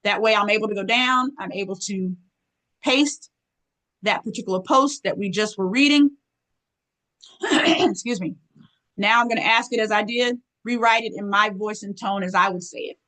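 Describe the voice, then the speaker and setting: A woman presenter running a live online workshop, lively and folksy, often clearing her throat as she talks to her audience. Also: mid-range voice, normal speed, pauses often, poor audio. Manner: lively, folksy, calls audience girl and y'all.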